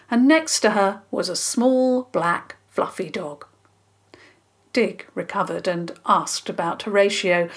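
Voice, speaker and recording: A woman calmly narrating a children's story in a measured, scripted reading. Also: medium pitch, slightly rough.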